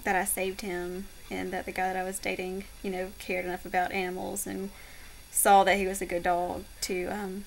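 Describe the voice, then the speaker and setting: A woman vlogger talking to the camera in a halting, heartfelt way, with many fillers and pauses. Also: medium pitch, gravelly, slight background noise, rough recording. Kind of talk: casual heartfelt talk to camera.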